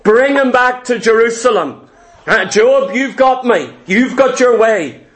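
A preacher acting out a grieving old king, high and pleading. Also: lively intonation, fairly bright tone, heavily acted. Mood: resigned. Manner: slow, pleading, heartfelt. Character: grieving aging male king, torn and tender.

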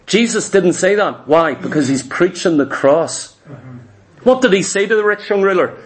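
A man preaching a sermon in an animated, emphatic way, often firing questions at his listeners. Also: high voice, normal speed.

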